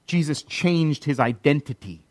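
A man delivers a sermon in a fairly high voice. He hammers his points with repetition and dramatic pauses. The sound is dry and close. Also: animated, dry recording. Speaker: pastor.

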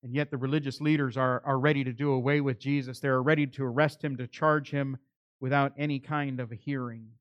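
A man's voice: mid-range voice, fairly even intonation, a little fast, no room sound, lo-fi sound. Earnest preacher man, dry close sound. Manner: earnest, pleading, builds to emphatic calls. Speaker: pastor. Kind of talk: sermon.

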